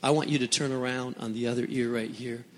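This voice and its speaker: A medium-pitched, steady-toned pastor speaks a little fast as he delivers a sermon to his congregation. He is dramatic, repeating phrases for emphasis. The church hall's long reverb carries his voice, and there's a little hiss or hum.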